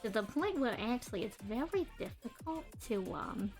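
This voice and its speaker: A young adult woman streaming while she draws, chatting and rambling to her viewers in a deliberately adopted voice and cadence. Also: on the high side, very animated, darkish tone, faint music behind. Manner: chatty, rambling, greets chat by name. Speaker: streamer and artist. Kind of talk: casual live-stream chat while drawing.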